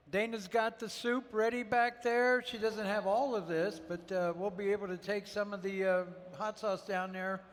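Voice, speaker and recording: A man's voice: high voice, in a large hall. A man from Ohio, a guest chef, telling rambling, folksy stories with lots of fillers during a live cooking demo on a festival stage.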